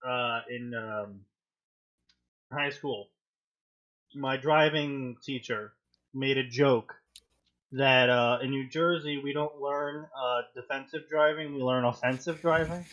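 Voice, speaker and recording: A man's voice: medium pitch, fairly even intonation, slow pace, fairly bright tone, highs cut off. A man casually reading and mocking fanfiction, laughing often and swearing freely. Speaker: fanfiction reading show host. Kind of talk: casual comedic commentary.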